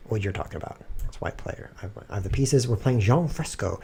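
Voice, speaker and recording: A man streams himself playing chess, thinking aloud and slipping in dry, deadpan jokes as low, muttered asides. His voice is brisk, gravelly, and husky.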